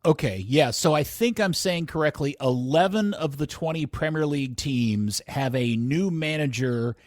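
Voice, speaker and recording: A man's voice: a little high, normal speed, a little mellow, no room sound, studio quality. Rambling man co-hosting a podcast. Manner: rambling, self-correcting, laughs often. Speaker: podcast co-host. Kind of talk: casual chat.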